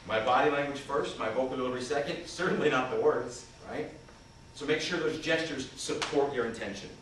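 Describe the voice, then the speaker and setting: A man's voice: mid-range voice, brisk, a bit bright. A man who trains people in communication, giving an interactive seminar presentation and putting questions to his audience. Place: large conference hall. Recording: echoey hall, voice far from the mic, faint noise.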